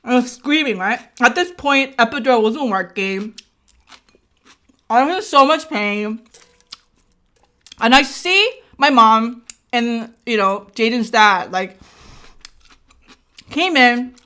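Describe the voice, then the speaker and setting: Animated woman telling a story. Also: on the high side, slow pace, pauses often. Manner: animated, acts out dialogue, keeps asking "right?". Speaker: vlogger. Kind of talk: casual storytelling.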